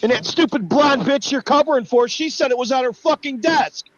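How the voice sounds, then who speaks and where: A man's voice: very high voice, brisk, no room sound, highs cut off. A man hosting a livestream, ranting angrily and swearing nonstop at politicians. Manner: furious, swearing, shouting at politicians. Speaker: livestream host. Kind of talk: angry profane rant.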